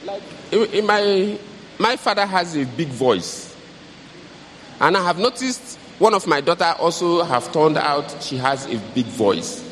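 A man's voice: fairly high pitch, big pitch swings, measured pace, a bit bright. A man giving earnest, exhorting advice to parents in a preaching style. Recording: hall reverb, faint noise.

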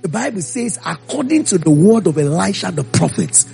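A man's voice: sits high, moderate pace, creaky, breathy edge, faint music behind. A man preaching a sermon, telling Bible stories and acting out the voices of the people in them. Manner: animated storytelling, acting out voices.

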